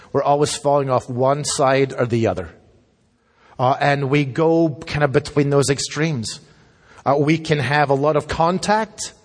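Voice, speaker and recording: Emphatic male pastor in reverberant hall. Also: medium pitch. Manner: emphatic, repeats key lines for stress. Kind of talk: sermon.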